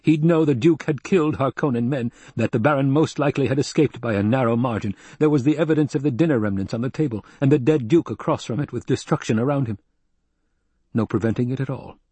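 A man narrating an audiobook in a measured, steady way. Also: mid-range voice, slightly rough, no room sound.

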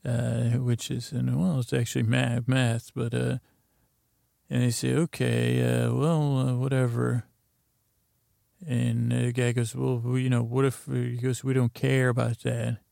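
Gravelly, flat-voiced man rambling casually. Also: mid-range voice, no echo, studio quality. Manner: rambling, halting, lots of fillers and restarts. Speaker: podcast host. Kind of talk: casual recap of a TV episode.

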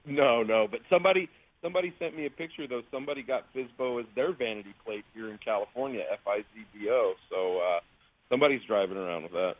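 A man's voice: mid-range voice, fast. A man calling into a radio show as a guest actor, chatting casually and laughing easily. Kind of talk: casual phone interview. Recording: tinny phone line.

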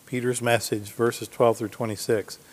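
A man's voice: medium pitch, little pitch movement, moderate pace. Male preacher, mid-range voice, teaches verse by verse and quizzes the congregation; long hall reverb. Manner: teaching Bible verses, reading scripture aloud with emphasis; asks the congregation questions. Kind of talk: sermon. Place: church sanctuary.

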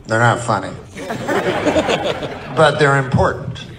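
Deadpan rambling male stand-up comic. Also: medium pitch, slow pace. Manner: deadpan, rambling, mock-earnest with sudden outbursts. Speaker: stand-up comedian. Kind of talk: stand-up comedy set. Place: live comedy venue with laughing audience. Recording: live stage recording with crowd laughter and noise. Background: audience laughter.

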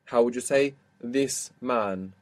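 A man teaching a one-to-one language lesson, explaining patiently and slowing down to model words. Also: mid-range voice, darkish tone.

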